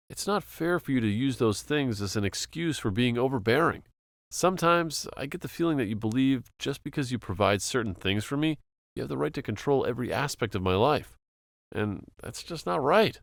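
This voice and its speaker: A man's voice: mid-range voice, animated, normal speed, vocal fry, no echo, studio quality. A man voicing an exasperated young college student pushing back against his overbearing mother. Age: young adult. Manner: exasperated, pleading.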